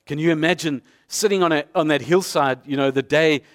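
A man's voice: fairly high pitch, fairly quick. A man preaching a sermon as a pastor, painting vivid scenes through repeated rhetorical questions.

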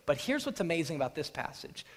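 A man preaches with a high, lively voice, retelling a scripture scene with drama and acting out what its people say. His voice rings out with the long reverb of a large hall. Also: quick pace. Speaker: pastor. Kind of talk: sermon.

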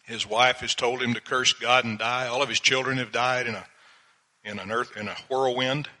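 An older man, a pastor, preaching a sermon in a slow, measured way and reading Bible verses aloud. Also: medium pitch, steady tone, pushed and bright, rough recording.

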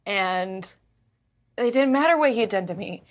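A woman telling a personal story in casual conversation, emotional and animated, often stumbling and restarting her sentences. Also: medium pitch, normal speed.

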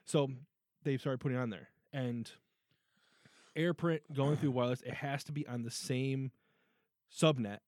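A podcast co-host with a mid-range, darkish voice tells a story in casual chat at a moderate pace and steady tone, swearing and laughing along the way. The recording is dry, with clean studio sound.

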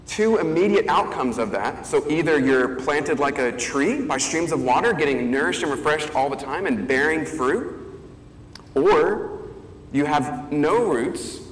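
A man's voice: fairly high pitch, expressive, a little slow, slight background noise. A male pastor giving a conversational sermon, thinking aloud with fillers and restarts. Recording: echoey hall, faint ambience.

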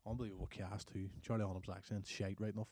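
A young man, co-hosting a casual podcast chat and swearing freely as he gets animated. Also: on the low side, quick pace, breathy edge, dry recording. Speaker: podcast co-host.

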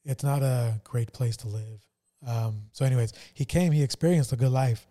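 A man co-hosting a faith podcast speaks in a somber, halting way, full of fillers. His voice is very dark and mellow, at an ordinary pitch. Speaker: podcast co-host. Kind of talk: casual personal testimony.

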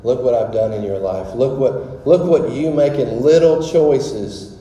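God as a gentle, fatherly voice, speaking tenderly and low, as a preacher puts him on. The tone is dark and soft. A long hall reverb hangs after every phrase. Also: measured pace, distant mic, lo-fi sound, natural voice. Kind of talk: sermon.

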